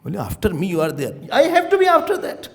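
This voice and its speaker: A swami preaching in English with an animated, storytelling manner. His voice sits high and swings widely in pitch, rising and falling with emphasis. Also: quick pace, creaky. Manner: animated, acts out little scenes, chuckles often. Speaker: swami giving spiritual talks. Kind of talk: sermon.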